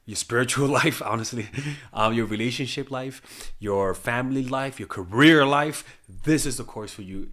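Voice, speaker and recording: A man casually pitching his course to viewers, rambling and correcting himself as he goes. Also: fairly bright tone. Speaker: course host. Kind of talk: promotional pitch.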